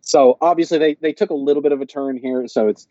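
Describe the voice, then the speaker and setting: Male podcast co-host, rambling recap with quoted lines, dark tone, lo-fi dull mic. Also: fairly high pitch, steady tone, fast talker, no echo. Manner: rambling, quotes characters in raised voices. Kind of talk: casual chat recapping a TV episode.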